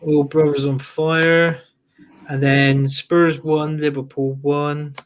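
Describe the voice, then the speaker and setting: A man's voice: fairly high pitch, little pitch movement, slow pace, a little hiss or hum. A man hosts a football show, reading out viewer comments. He keeps it loose and chatty and laughs often. He repeats his phrases as he goes. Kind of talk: casual live-stream chat, reading viewer comments.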